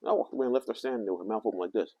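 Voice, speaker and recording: Gravelly, husky man telling a story. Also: on the low side, rapid-fire. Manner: animated, swinging from loud to hushed as he retells. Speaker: vlogger. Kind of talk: rambling personal storytelling.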